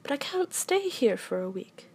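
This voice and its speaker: A woman's voice: sits high, big pitch swings, moderate pace, darkish tone, slightly rough, voice pushed up, heavily acted. A woman voicing a simple, honey-loving male teddy bear who talks plaintively, often in a whisper, in a storybook reading.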